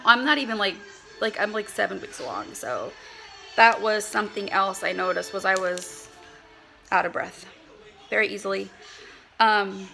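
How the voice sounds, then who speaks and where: A woman's voice: mid-range voice, creaky, bright, forceful tone, poor audio. A woman in her thirties chatting casually to camera in a rambling way, full of fillers, slightly out of breath. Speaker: vlogger, mother of a large family.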